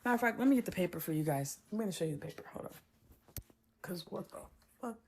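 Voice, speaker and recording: A woman's voice: on the low side, animated, quick pace, a little mellow, slightly rough. A woman vlogging to camera, stressed and laughing nervously. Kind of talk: casual vlog to camera.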